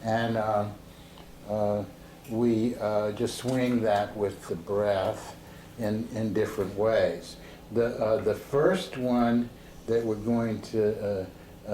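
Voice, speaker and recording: A man teaching a Sufi breathing practice to a group, talking in a slow, halting way with many fillers and restarts. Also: lowish voice, mellow. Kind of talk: relaxed spoken instruction to a seated group. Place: indoor room with a door to the street. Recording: roomy echo with faint street noise.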